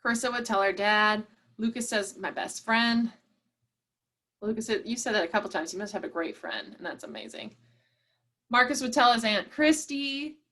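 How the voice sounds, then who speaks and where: A workshop facilitator with a fairly high, sharp-toned voice speaks at a moderate pace. Running the session online, she reads participants' chat answers aloud and keeps up upbeat encouragement, frequently using "y'all."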